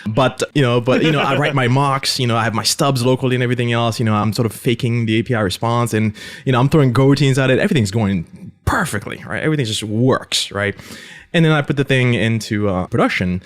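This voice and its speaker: A man's voice: medium pitch, fast talker. A man hosting a casual tech podcast panel chat, laughing easily and often asking "right?".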